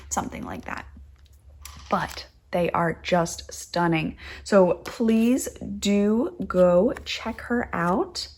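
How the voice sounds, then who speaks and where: A woman's voice: fairly low pitch, gravelly, slight background noise. A young woman hosting a knitting podcast, chatting casually and gushing over crafts she shows. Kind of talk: casual show-and-tell chat.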